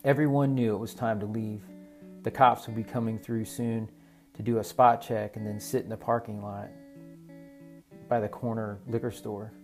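A man narrating an audiobook story in a steady storytelling manner. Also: lowish voice, normal speed. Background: soft guitar music.

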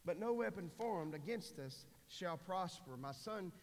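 A man's voice: high-pitched, expressive, measured pace, in a large hall. A pastor in his forties preaching a sermon in a church, talking in an earnest, folksy way with many restarts. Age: 40s. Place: church sanctuary.

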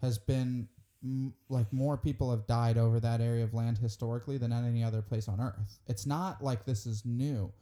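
A man's voice: medium pitch, steady tone, normal speed, warm tone. A man in casual conversation, explaining points carefully and pinning down distinctions. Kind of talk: casual chat.

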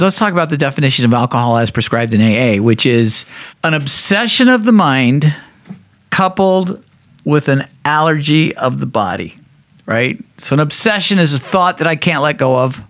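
A middle-aged man casually telling a personal recovery story, profane and animated, acting out what people said. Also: medium pitch, no room sound. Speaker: podcast guest sharing recovery story.

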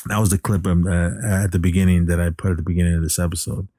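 Low, dark-voiced man recapping a film. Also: flat delivery, a little hiss or hum. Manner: halting, many fillers and restarts.

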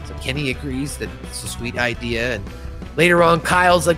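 A man with a mid-range voice hosts a casual podcast, recapping an episode and reading its lines aloud. His delivery is raised, animated, and fairly quick, with faint music playing underneath.

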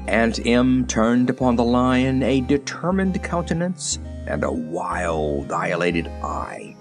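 A man narrating a children's storybook in an expressive, measured reading. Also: mid-range voice, faint music behind. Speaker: audiobook narrator.

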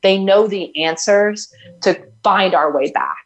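A woman's voice: medium pitch, a little slow, lo-fi sound. A woman speaking as an interview guest, earnest and reflective, with frequent fillers as she tells her story. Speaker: guest, self-healing author. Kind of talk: conversational interview.

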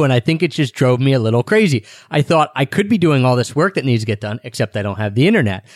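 A man's voice: mid-range voice, very animated, fast, few pauses, no room sound, clean studio sound. A young man co-hosting a casual travel chat, talking in a rambling, self-deprecating way. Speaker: travel podcast co-host.

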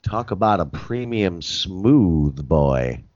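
A man's voice: low-pitched, very animated, slow, a little mellow, no room sound, lo-fi sound. A man co-hosting a comedy podcast, teasing his partner and joking around in loose banter. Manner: teasing, playful, trying out voices. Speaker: podcast co-host. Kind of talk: casual comedy chat.

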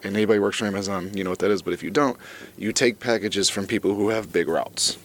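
A man's voice: fairly low pitch, fast talker, background noise. A young man co-hosting a podcast, telling a story in casual chat, acting out quotes, swearing freely and laughing mid-sentence. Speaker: podcast co-host.

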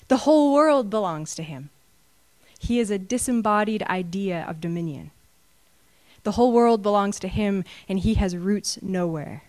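A woman's voice: mid-range voice, animated, normal speed, darkish tone, no echo. Earnest woman preaching a sermon. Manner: earnest, builds to emphatic peaks. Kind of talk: sermon with slides.

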